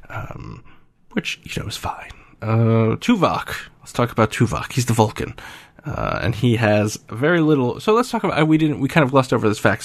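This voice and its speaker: A man's voice: lowish voice, dry recording. A man hosting a podcast, chatting casually and rambling with frequent filler sounds. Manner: rambling, many uh fillers, wry. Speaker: podcast host.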